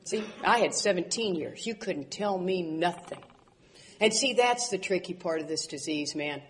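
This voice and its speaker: A woman in her forties speaking at a recovery convention, telling animated stories with laughs and loud outbursts. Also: fairly low pitch, normal speed. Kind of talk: speaker talk to an audience.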